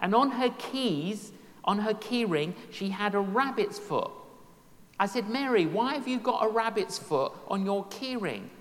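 A woman's voice: medium pitch, animated, a little slow. A woman preaching a sermon, telling personal stories and repeating key phrases for emphasis. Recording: long hall reverb.

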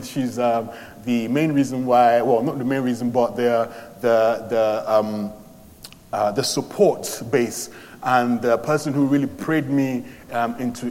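A man from London telling his conversion story as a sermon testimony, animated, with many fillers and restarts. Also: mid-range voice, big-room sound. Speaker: preacher giving testimony.

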